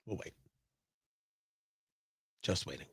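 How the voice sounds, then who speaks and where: A man's voice: slow pace, no echo. A man hosting a casual live talk show, reading viewer comments aloud and answering them with sarcastic banter and many restarts. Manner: rambling, many restarts and fillers.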